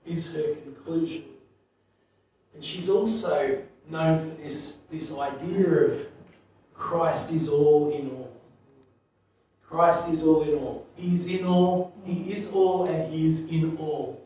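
A man preaching in a big echoing hall, his voice sitting high for a man and heard from a distance off the mic. He tells his story animatedly, laughing often and dropping to a hush for the tender parts. A faint ambient hum lies underneath. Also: slow pace. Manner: animated, laughing storyteller who swings from loud to hushed. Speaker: pastor. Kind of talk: sermon storytelling.

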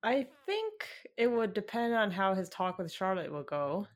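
A woman's voice: mid-range voice, sing-song, moderate pace. A woman co-hosting a casual podcast chat, mostly giving short murmurs of agreement and laughing easily. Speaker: podcast co-host.

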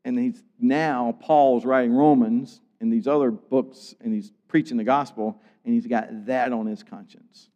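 A man preaching a sermon, acting out scenes and swinging from loud outbursts to hushed tones. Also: medium pitch, steady tone, a little slow, few pauses, long reverb tail, dull audio. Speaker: pastor.

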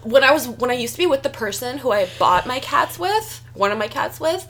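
A woman's voice: high voice, lively intonation, brisk, fairly bright tone. A young woman in frank, casual chat with friends, laughing often as she talks. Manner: giggly, frank, laughs often mid-sentence.

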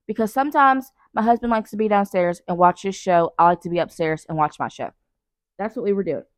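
Sitting on her couch at night, a young woman records a casual solo podcast in studio-quality sound without echo. Her medium-pitched voice carries blunt, profane talk as she rambles and pokes fun at herself.

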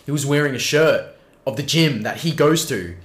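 A man's voice: medium pitch, lively intonation, normal speed, fairly bright tone. Give me a young man in a roomy room, telling a story. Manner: swears a lot, acts out voices in his stories. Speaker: podcast co-host. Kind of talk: casual chat among friends. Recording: roomy echo.

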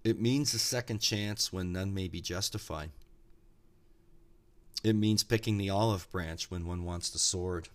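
A man giving an earnest, reflective podcast talk, measured and slowing down for emphasis as he tells stories. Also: sits low. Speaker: podcast speaker.

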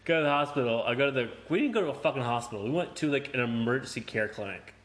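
A man's voice: mid-range voice, lively intonation, rapid-fire, fairly bright tone. Young man, casual podcast storyteller, profane and laughing, acts out the other voices.

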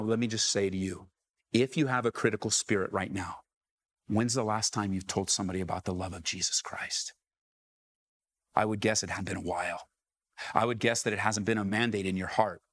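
Preaching a sermon in church, this male pastor from Southern California fires questions at his congregation and hammers his points home with rising calls. His pitch sits fairly low, and the recording has no room sound.

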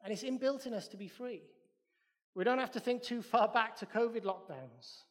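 Welsh guy preaching in church, high-ish voice, hammers points in threes, long church reverb. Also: normal speed. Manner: emphatic, repeats phrases in threes. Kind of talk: sermon.

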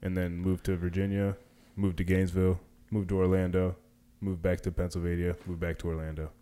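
Chill young dude on a podcast, kinda low smooth voice, slangy, laughs a lot. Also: male voice, flat delivery, fairly quick, warm tone. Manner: laid-back, slangy, swears, laughs easily. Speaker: podcast co-host. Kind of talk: casual chat.

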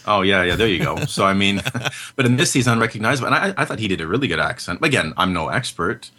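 Deep-voiced guy rambling about movies, lots of ums, crisp bright sound. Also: lively intonation, fast. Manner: rambling, lots of fillers and restarts. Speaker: podcast co-host. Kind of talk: casual film discussion.

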